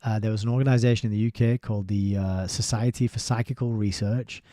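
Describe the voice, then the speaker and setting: Low dry-voiced man reading aloud. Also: no room sound. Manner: steady reading broken by chatty asides with fillers and laughs. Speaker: book reviewer. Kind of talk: reading a book aloud with casual commentary.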